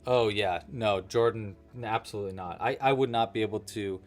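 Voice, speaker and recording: A man's voice: lowish voice, moderate pace, soft background music. A man hosting a live crochet-along, chatting casually and joking while he thinks aloud about his work. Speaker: livestream crochet host.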